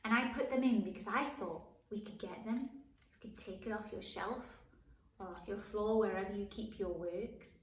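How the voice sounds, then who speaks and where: A woman teaching young children at circle time, gently encouraging them and slowly singing and counting along. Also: mid-range voice. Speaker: preschool teacher. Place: home room, live stream. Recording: echoey room.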